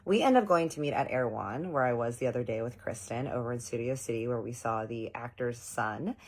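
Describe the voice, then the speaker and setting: Very deep-voiced woman telling gossip. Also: a little fast. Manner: chatty, gossipy, animated retelling with quoted dialogue. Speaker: storyteller vlogger. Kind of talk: casual storytime monologue.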